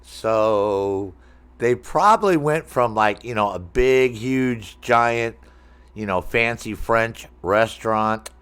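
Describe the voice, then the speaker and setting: A middle-aged man with a low voice chats loosely while he plays a game on stream. He rambles from topic to topic, swearing freely and joking with his viewers. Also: slow pace, a bit bright, smooth. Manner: rambling, profane, jokey, talks to chat. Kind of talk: casual gaming stream chat.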